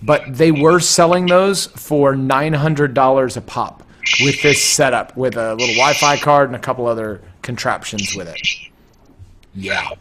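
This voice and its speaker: A mid-pitched man rambles through long explanations, restarting his sentences again and again. A faint background hiss sits under his voice on the call. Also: measured pace. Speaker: co-host. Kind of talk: casual chat.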